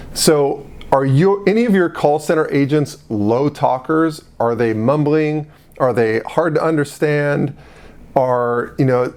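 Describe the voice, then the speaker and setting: A man's voice: medium pitch, a little mellow. A middle-aged man hosting a business advice video, talking casually straight to the viewer and asking them questions. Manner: conversational, asks the viewer questions, fillers like "you know". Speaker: host of a business advice channel. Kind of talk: casual direct-to-camera explainer.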